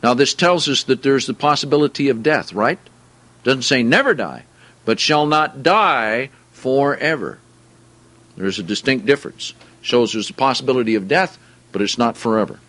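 A man's voice: mid-range voice, expressive, normal speed, a bit bright. A man preaching a Bible-teaching sermon, reading scripture aloud and then explaining it in plain, conversational terms.

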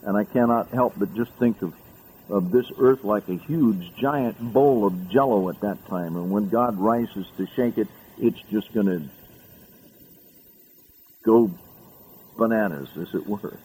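Man as pastor, sermon delivery, reads verses with sharp upward emphasis, faint hiss on an old radio recording. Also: measured pace, rough recording. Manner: reads scripture aloud, rising high with emphasis.

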